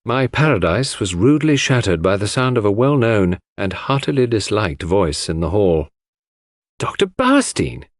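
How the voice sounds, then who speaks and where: A man reading a classic mystery aloud in measured, expressive narration. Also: lowish voice, no room sound, clean studio sound. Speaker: audiobook narrator.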